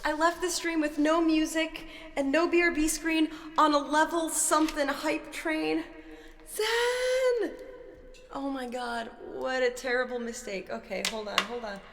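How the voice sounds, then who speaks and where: A young woman music streamer chatting casually from home at night, flustered and excitable. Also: high voice, a little hiss or hum. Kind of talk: casual live-stream chat.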